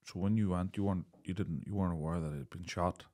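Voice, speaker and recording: Man, very deep voice, podcast host, hesitant halting questions. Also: steady tone, warm tone.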